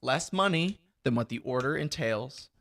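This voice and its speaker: A man's voice: medium pitch, expressive, normal speed, creaky, fairly bright tone. A young man hosting a podcast, chatting casually and telling blunt, profane stories. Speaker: podcast host. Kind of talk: casual chat.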